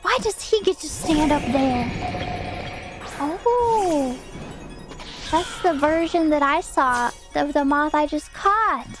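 A woman's voice: high voice, animated, slow pace, music in the background. A woman gaming YouTuber chatting casually while playing, giggling and reading game text aloud. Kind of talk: casual let's-play commentary.

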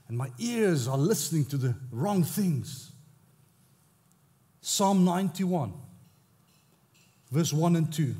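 A male pastor with an Australian accent preaching a sermon, swinging between loud exclamations and hushed, intense moments. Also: a little high.

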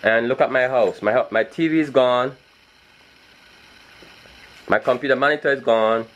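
A man's voice: medium pitch, moderate pace, fairly bright tone, low-quality recording. A man recording a casual video diary, stressed and repeating himself, with nervous laughs between his words. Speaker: vlogger.

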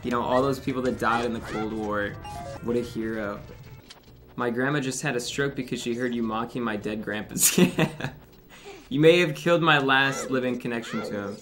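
A man's voice: medium pitch, a bit bright. A young man streaming a game, rambling and swearing as he chats, laughing often. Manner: profane, rambling, quick to laugh. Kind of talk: casual livestream commentary. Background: game music.

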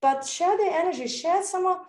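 An energetic, enthusiastic woman speaking as a real estate coach on a podcast, acting out little dialogues as she talks. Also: very high voice, fairly quick, roomy sound. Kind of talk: casual interview talk.

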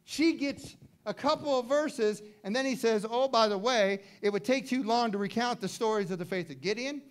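A man pastor preaching a sermon, animated, dropping to quiet asides and rising to near shouts. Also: very high-pitched, normal speed, clear, resonant tone. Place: church sanctuary.

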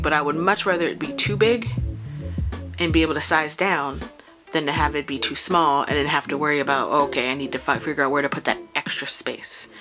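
A woman with a notably low voice walks through a sewing how-to in a relaxed, chatty way. She thinks aloud and restarts her sentences, and clearly audible mellow music plays under her talk. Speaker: sewing vlogger. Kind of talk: casual how-to explanation. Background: chill background music.

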